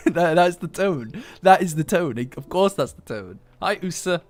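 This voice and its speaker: A man's voice: fairly high pitch, very animated, a little slow, faint music behind. A man hosting a live stream, chatting casually and teasing his viewers. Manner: playful, bantering with chat.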